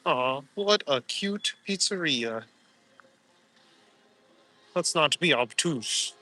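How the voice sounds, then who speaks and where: Bright-voiced man chatting. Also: fairly high pitch, expressive, drawn-out words. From Canada. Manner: laid-back, joking, laughs often. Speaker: live streamer. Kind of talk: casual chat reading viewer comments. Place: walking outdoors.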